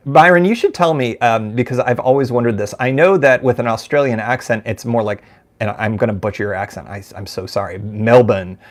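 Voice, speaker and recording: A man's voice: mid-range voice, a little fast. A middle-aged American man hosting a live podcast from a room at home, talking casually in a rambling, self-deprecating way. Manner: rambling, self-deprecating, lots of fillers and restarts. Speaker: podcast host. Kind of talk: casual live-stream chat.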